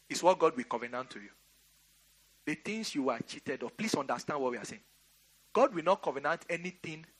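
A middle-aged Nigerian man preaching a sermon, giving emphatic commands and laughing through a storytelling aside. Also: on the high side. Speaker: pastor. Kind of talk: sermon with personal anecdote.

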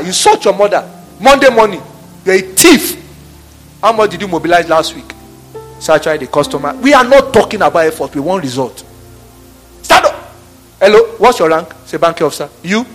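A high-pitched man delivering a sermon. He preaches animatedly, laughs often and acts out little office scenes, with a soft bed of music faintly behind him. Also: very animated, moderate pace, pauses often, breathy edge.

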